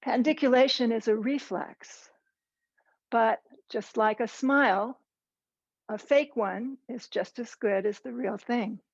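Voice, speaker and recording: A woman teaching posture and balance, giving calm, encouraging step-by-step movement cues. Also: on the high side, slow, gravelly, echoey room, highs cut off. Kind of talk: guided movement instruction.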